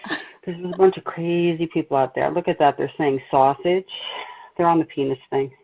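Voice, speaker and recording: A woman's voice: low voice, normal speed, husky. Blunt Jersey woman on a tinny line. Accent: New Jersey. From New Jersey. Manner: blunt, animated storyteller. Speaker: psychic medium host. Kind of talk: casual livestream chat.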